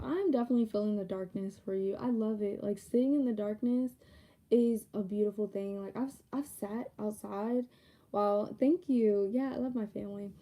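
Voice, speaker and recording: A woman hosts a live tarot reading with a notably dark, mellow tone. She talks loosely and warmly to her viewers and laughs often between points. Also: on the high side, creaky. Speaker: psychic tarot reader.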